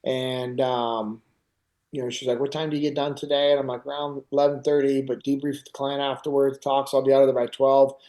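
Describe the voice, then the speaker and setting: A man's voice: mid-range voice, brisk. A middle-aged man hosting a podcast, casually telling a personal story and acting out other people's lines. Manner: animated retelling, acts out others' lines. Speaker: podcast host.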